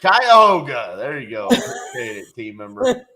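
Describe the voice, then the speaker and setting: The co-host, a middle-aged real estate investor, has a mid-range, bright, forceful voice and talks a little slowly. On the casual livestream he reads viewer comments, greets people, jokes, and tells stories in a folksy manner.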